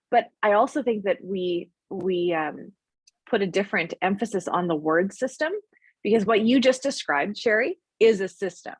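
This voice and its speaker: A woman's voice: medium pitch, no echo. A woman hosting a leadership study call, talking in a chatty way with many restarts and fillers. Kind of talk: casual group discussion.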